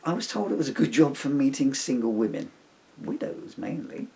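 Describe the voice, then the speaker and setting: A middle-aged man reading his own comic story aloud with wry, deadpan humour. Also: mid-range voice, normal speed, creaky, a little hiss or hum. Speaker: author reading his book.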